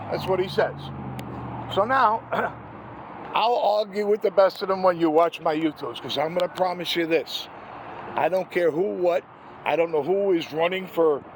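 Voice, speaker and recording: An older man, ranting angrily in a monologue and clearing his throat often. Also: a little high. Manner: angry, rambling, repeats "what happens is this". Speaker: vlogger. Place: outdoors by a street. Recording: outdoor street noise.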